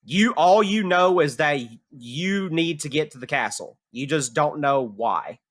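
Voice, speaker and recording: A man's voice: on the high side, expressive, unhurried, a bit bright, dry recording. A man narrating a tabletop game as game master, casual and loose, with lots of "like" fillers.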